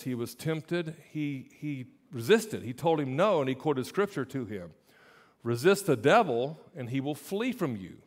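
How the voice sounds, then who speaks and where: A man preaching a sermon as pastor, stressing key phrases and slowing down on them. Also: mid-range voice.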